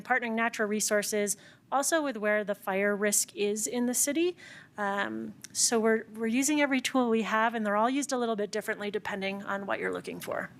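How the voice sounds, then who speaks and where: Methodical woman explaining to a council. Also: mid-range voice. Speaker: city open space staff member. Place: council chamber.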